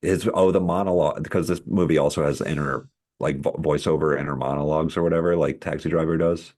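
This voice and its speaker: A man with an extremely low voice chatting loosely on a film podcast. He rambles, stacking "like" fillers as he thinks aloud. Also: steady tone, fast, a little mellow. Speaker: podcast co-host. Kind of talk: casual chat.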